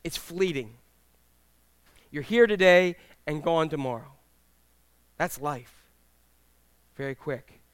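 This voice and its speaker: Middle-aged pastor guy cracking jokes in a sermon, smooth resonant voice, dry sound. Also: on the high side, takes it slowly, pauses often, no echo. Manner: humorous, storytelling, animated delivery with acted quotes. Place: church sanctuary with congregation.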